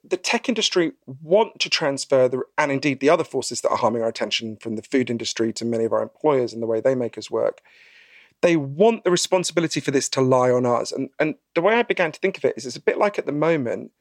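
A man being interviewed about his book, telling stories in a lively conversational way and acting out the voices he quotes. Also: medium pitch, quick pace, no room sound, clean studio sound. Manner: animated storyteller, acts out quoted voices, frequent "right?".

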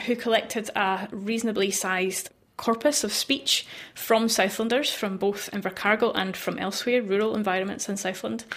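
A woman's voice: mid-range voice, a bit bright. An American woman, a linguistics researcher, explains her work patiently in a radio interview and laughs lightly between points.

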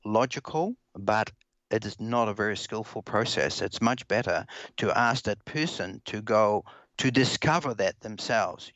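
A man talking as an interview guest, explaining at a brisk clip and often restarting or repeating words. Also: medium pitch, a bit bright, dry recording. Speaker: guest expert on listening to children.

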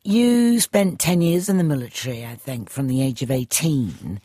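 Lively husky-voiced interviewer. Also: mid-range voice, moderate pace, no echo, studio quality. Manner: probing, conversational. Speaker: radio interviewer. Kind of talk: interview questions.

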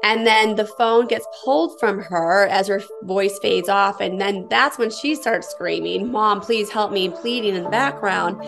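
Middle-aged American woman, tense and vivid personal account, even pitch, faint music bed. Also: a little slow, vocal fry, hardly any pauses. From United States. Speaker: interviewee.

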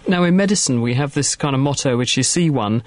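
Fast, upbeat radio host. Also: male voice, mid-range voice, no room sound. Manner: quick, jokey and energetic. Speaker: radio science show host. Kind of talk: lively radio chat. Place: radio studio.

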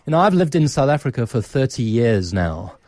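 A man's voice: mid-range voice, big pitch swings, brisk, darkish tone, no echo. A man with a British accent hosting a call-in radio show, friendly and a little hesitant, with fillers. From Nigeria. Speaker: radio talk show host.

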